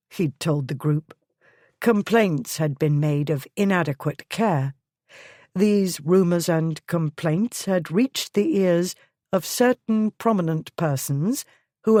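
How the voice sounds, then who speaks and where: Woman reading a novel aloud, slow and mellow, dry close mic. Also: on the low side, dry recording. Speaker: audiobook narrator. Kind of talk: scripted narration.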